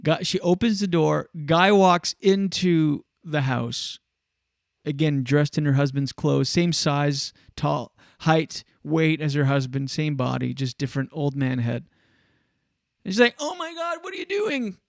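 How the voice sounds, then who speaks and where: Animated man telling a story. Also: a little high, a little slow, vocal fry, no room sound, studio quality. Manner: animated storytelling, acts out quotes. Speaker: show host. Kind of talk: casual solo podcast talk.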